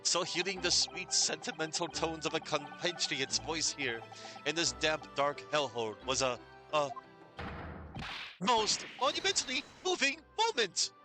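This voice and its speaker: A man voicing an excitable, paranoid male scholar in a game, given to dramatic, alliterative outbursts. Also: a little high, measured pace. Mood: overjoyed. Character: excitable anxious Japanese male scholar prisoner. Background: game music.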